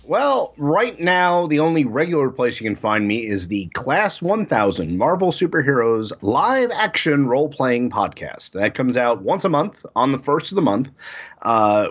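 A man appearing as a guest on a podcast, chatting casually in a relaxed way. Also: medium pitch, dull audio. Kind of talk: casual chat.

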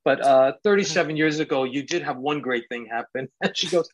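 A man's voice: fairly high pitch, fairly quick, low-quality recording. A man guesting on a podcast in casual chat, earnestly retelling scenes he admires.

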